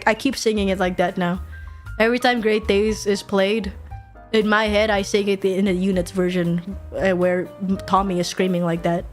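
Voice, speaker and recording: A woman streamer rambling in a casual, excitable way, cursing freely and giggling as she goes. Her voice sits at a mid pitch for a woman, with faint music playing behind her at her desk setup. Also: moderate pace.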